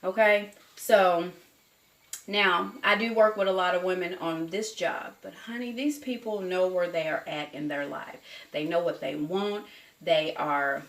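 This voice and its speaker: A woman with a Southern US accent chats folksily to camera while cooking in her home kitchen, calling her viewers honey and baby. Her voice is fairly low and a bit bright, at a measured pace. The roomy kitchen carries cooking noises and the faint clatter of dishes and cutlery.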